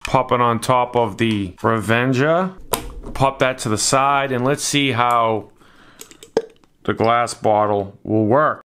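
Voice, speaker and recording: A man's voice: medium pitch, slow, fairly bright tone, slight background noise. A man narrating a casual hands-on product review in a laid-back, matter-of-fact way.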